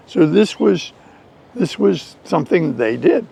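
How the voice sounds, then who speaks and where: An American man telling a story slowly and deliberately in an English lesson for learners. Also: high voice. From United States. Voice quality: gravelly. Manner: slow, deliberate, animated storytelling. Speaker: English teacher.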